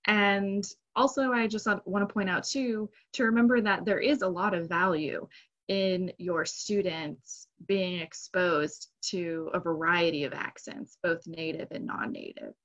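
A woman English teacher on a discussion panel, giving measured, reassuring advice. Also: fairly low pitch, steady tone, a bit bright. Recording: dull lo-fi sound.

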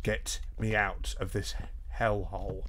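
A man's voice: lowish voice, level tone, measured pace, noisy background. A man giving panicky, profane commentary while playing a horror game, gasping and swearing as he goes. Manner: swears a lot, jumpy, panicky shouts and gasps. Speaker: gaming video host. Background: faint game music.

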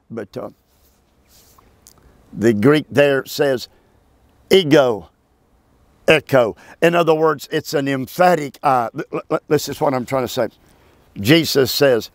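A man teaching a Bible passage verse by verse, emphatic and preacherly, with halting restarts and calls for amen. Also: mid-range voice, no echo.

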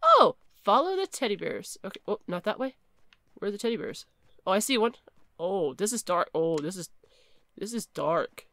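A woman giving chatty, excitable commentary while playing a horror game and reading its text aloud. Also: medium pitch, moderate pace, no room sound. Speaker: gaming video creator.

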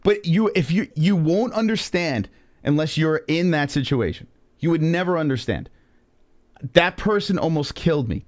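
A man's voice: on the high side, lively intonation, normal speed, no room sound. A man hosting a live stream, telling a story in a casual, profane way and acting out the people he quotes. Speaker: stream host.

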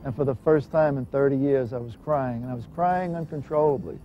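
A man's voice: medium pitch, brisk, faint music behind. A man giving an earnest, emphatic personal testimony. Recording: dull lo-fi recording with faint hiss.

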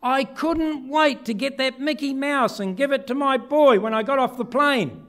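Middle-aged man from New Zealand, preacher, high voice, acts out his stories in the pulpit. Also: normal speed. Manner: storytelling, acting out voices with big swings in pitch and loudness. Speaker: pastor. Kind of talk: sermon. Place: church.

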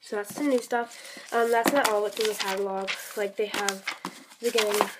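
A woman's voice: mid-range voice, fairly even intonation, normal speed, heavy background noise. A young woman in her teens from Canada, showing off new toys in a casual, rambling vlog full of ums, likes and little apologies. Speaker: toy collection vlogger. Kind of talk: casual show-and-tell vlog.

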